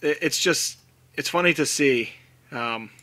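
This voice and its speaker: Bright-voiced male podcast host. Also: on the high side, unhurried. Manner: animated, breaks into mock-dramatic quoted voices. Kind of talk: casual chat.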